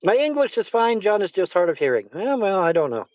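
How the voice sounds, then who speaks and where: Rozgadany mężczyzna o wysokim głosie, suche nagranie. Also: male voice, sits high, big pitch swings, brisk, a little mellow, no room sound, lo-fi sound. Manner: rambling, repeats himself, swears often. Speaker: livestream host. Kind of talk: casual chat. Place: Arizona.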